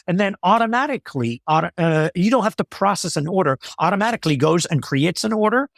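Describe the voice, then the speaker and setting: Business interview guest: man, fairly high voice, dry close sound, halting with frequent fillers. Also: lively intonation, vocal fry, fairly bright tone, dry recording. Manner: measured, many fillers and restarts. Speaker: company executive guest.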